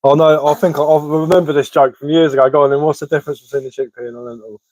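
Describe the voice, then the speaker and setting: A man's voice: a little high, fairly even intonation, very fast, a little mellow, no room sound. A man chatting casually on a live stream from his living room, telling dad jokes and chuckling at them.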